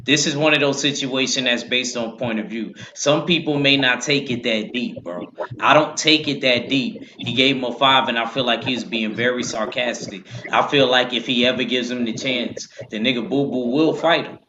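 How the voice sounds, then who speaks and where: A man's voice: medium pitch, moderate pace, few pauses, dull audio, noisy background. A man on a panel defending his point of view in a casual debate, recorded in an echoey room. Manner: defensive, reasoning. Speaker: podcast panelist.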